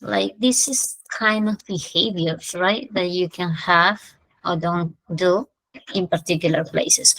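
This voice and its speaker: A woman with a Peruvian Spanish accent teaches English at an unhurried pace, switching between Spanish and English. She stretches out each example sentence slowly and clearly. The recording is dry and close, with no room echo. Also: on the low side, a bit bright. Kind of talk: online English lesson.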